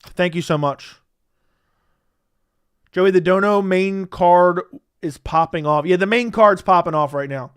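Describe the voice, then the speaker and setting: A man's voice: high-pitched, a little slow, long pauses, smooth, dry recording, clean studio sound. A young man hosting a casual livestream, reading out donations and chatting easily with viewers, often repeating himself.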